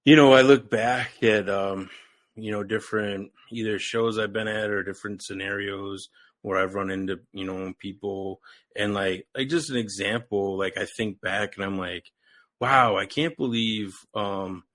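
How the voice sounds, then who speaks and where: A man hosting a casual podcast chat, laid-back and quick to laugh. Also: fairly low pitch, fairly even intonation, a bit bright. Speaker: podcast host.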